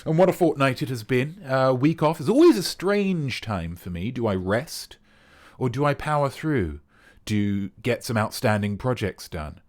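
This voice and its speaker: A man's voice: medium pitch, sing-song, normal speed. Posh english guy hamming it up on a live stream, voice jumps all over the place. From England. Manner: grandiose, theatrical, playfully pompous. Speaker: streamer host. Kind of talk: live-streamed character comedy.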